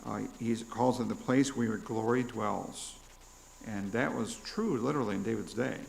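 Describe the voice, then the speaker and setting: A man's voice: lowish voice, moderate pace, creaky, a little mellow, slight background noise, poor audio. A man preaching a sermon as pastor, teaching through questions and acting out quoted prayers. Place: church.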